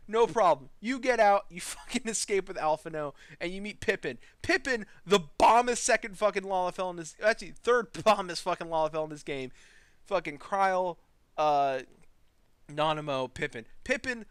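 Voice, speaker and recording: A man's voice: sits high, moderate pace, no echo. A man hosting a casual gaming podcast, telling a long profane story with lots of laughter. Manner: profane, rambling, laughs often; animated storytelling. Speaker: podcast host.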